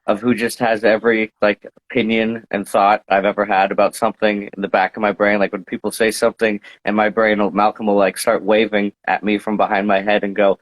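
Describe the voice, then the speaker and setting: A man's voice: lowish voice, level tone, fast talker, hardly any pauses. A man chatting casually as a guest, telling playful, rambling stories while suffering from hay fever. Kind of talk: casual chat.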